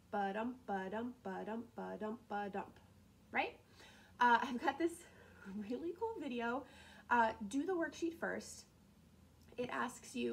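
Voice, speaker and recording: Woman, teacher, casual lesson, chatty, laughs often, slightly high voice. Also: slight background noise, low-quality recording. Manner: chatty and upbeat, laughs often, drops into asides. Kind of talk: casual recorded lesson walkthrough.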